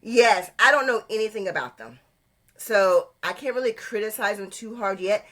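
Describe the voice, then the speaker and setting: A woman's voice: mid-range voice, lively intonation, moderate pace, fairly bright tone. A woman from Texas, co-hosting a podcast in sassy, emphatic casual chat full of Southern sayings. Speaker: podcast co-host.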